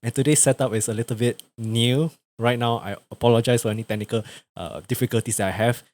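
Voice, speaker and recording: A young man with a Singaporean English accent hosting a podcast, chatting in a relaxed way with fillers and laughs, recorded over a video call. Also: mid-range voice, fast talker. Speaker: podcast host. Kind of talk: casual podcast conversation. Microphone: video call over the internet.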